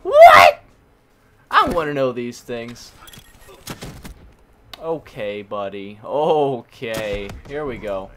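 A man giving live commentary over his own gameplay, jokey and prone to sudden yelps and shouts. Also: medium pitch, slow, pauses often, a little hiss or hum. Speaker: gaming commentator.

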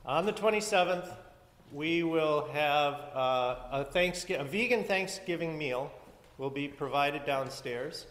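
A man's voice: fairly high pitch, a little slow, a bit bright. A man giving church announcements from the front as pastor, chatty and rambling, with many fillers and restarts. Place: church sanctuary. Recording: echoey hall from far off.

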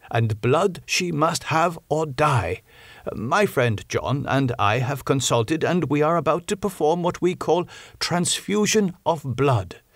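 A man reading an audiobook, voicing an elderly professor, earnest and slow in his emphasis. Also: on the high side, no room sound, studio quality, pitched above the performer's own voice, full character voice. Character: elderly Dutch professor, grave, kindly. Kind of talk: audiobook character voice.

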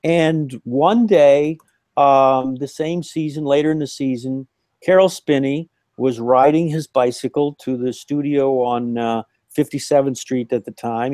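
In a mid-range voice with no echo, an older man who works as a puppeteer shares anecdotes during a casual interview on a remote call, telling them with animation and laughter.

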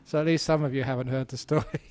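A man's voice: medium pitch, steady tone, fast, a little mellow. A man, a Buddhist monk, giving a humorous dharma talk and telling a story. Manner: storytelling, playful, does animal sounds.

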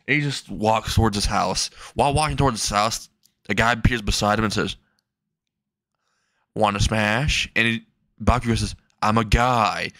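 A man's voice: fairly low pitch, fairly even intonation, a little fast, a bit bright, no room sound. A young man casually narrating an improvised comedic fan story, crude and laughing.

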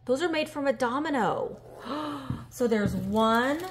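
A woman, chatting casually on a handheld phone vlog as she reads fan mail and opens a gift, emotional and gushing with breathy gasps. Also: high voice, animated, slow pace. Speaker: vintage reseller vlogger. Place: indoors at a table. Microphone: handheld phone camera.

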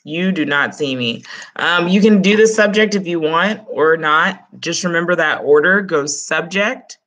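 A woman's voice: lowish voice, unhurried, a bit bright. A woman teaching Spanish grammar in an online class, explaining it step by step in a casual way.

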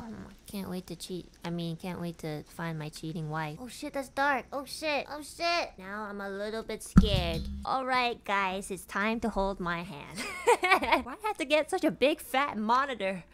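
A woman's voice: on the high side, sharp tone, clean tone. A young woman streaming a horror game, jumpy and playful, swearing, joking, screaming and laughing as she plays. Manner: playful, jokes about the story. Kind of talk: horror game let's play commentary.

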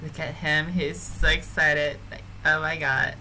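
A gaming YouTuber speaks slowly in a low, fairly flat voice as a crowd is heard behind her. She gives casual, giggly commentary on her gameplay, talking straight to her viewers.

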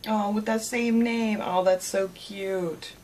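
A woman hosting a craft channel, chatting casually and warmly thanking viewers by name as she opens mail at home. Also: mid-range voice, steady tone, slow, a little hiss or hum. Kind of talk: casual chat, opening mail.

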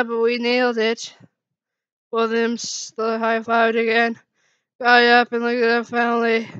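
A woman reading a fan story aloud in a halting way, with slips and restarts. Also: a little high, fairly bright tone, smooth, no room sound, lo-fi sound. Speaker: fan fiction reader.

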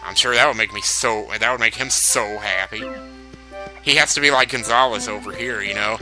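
A young man giving casual let's play commentary, excitable and cracking profane jokes. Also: lowish voice, normal speed, low-quality recording. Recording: game music behind the voice.

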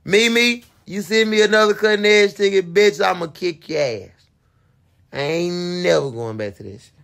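Gravelly-voiced young man telling a story. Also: sits high, normal speed. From Fort Worth, Texas. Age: 20s. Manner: animated, profane, acts out his own screams and quotes. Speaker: vlogger. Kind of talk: casual storytelling to camera.

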